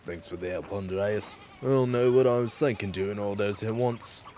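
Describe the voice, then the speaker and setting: A man voicing a busy village blacksmith in a video game with a rough put-on British accent, brisk and low. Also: darkish tone, a little hiss or hum, natural voice.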